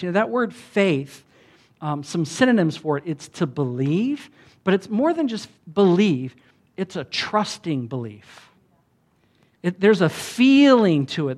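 A male pastor, preaching a sermon in a folksy, conversational way and asking the crowd rhetorical questions. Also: a little high.

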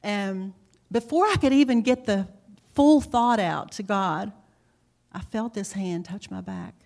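A woman's voice: mid-range voice, animated, a little slow, a little mellow. Chatty laughing woman giving testimony. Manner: chatty, self-mocking, laughs often. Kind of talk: church testimony talk.

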